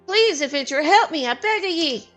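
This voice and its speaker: A woman voicing a poor, frightened male refugee in a game scene, pleading in rough folksy speech. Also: high voice, lively intonation, moderate pace, fairly bright tone, faint music behind, voice pushed up. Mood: begging.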